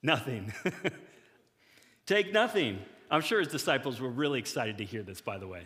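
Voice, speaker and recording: A male pastor giving a conversational sermon to his church, often acting out quick imagined dialogues. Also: mid-range voice, animated, fairly bright tone, big-room sound.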